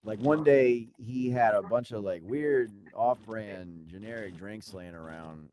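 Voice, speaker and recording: A man guesting on a podcast, telling a story in casual, profane slang and getting animated when he retells exchanges. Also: on the low side, a little slow. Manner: profane, slangy, says dude and bro a lot.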